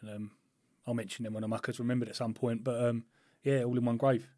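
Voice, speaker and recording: A man's voice: mid-range voice, flat delivery, fast, mellow, no room sound. Laid-back English man, dry close sound. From England. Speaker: podcast co-host. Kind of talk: casual chat.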